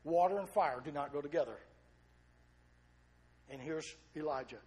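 A man preaching a sermon, retelling a story with lively repetition and questions to the congregation. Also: on the high side, moderate pace.

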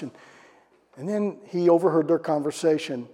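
A man delivers a sermon in an animated way, often asking the congregation questions. His voice sits high but has a dark, mellow tone. The sound rings with the long reverb of a large church hall. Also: moderate pace. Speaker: pastor.

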